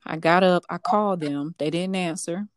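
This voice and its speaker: A young woman with a low, deep voice recounts a personal story as a podcast guest. She speaks hesitantly, pausing and restarting often, filling gaps with soft fillers. The recording is dry and close, with no room sound. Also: no room sound. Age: young adult.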